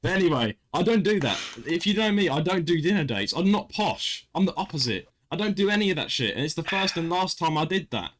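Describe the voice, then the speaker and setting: A man's voice: a little high, a little fast, few pauses. A young man, hosting a casual podcast chat and telling a story with lots of restarts. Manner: animated storyteller, self-interrupting with restarts. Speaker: podcast host.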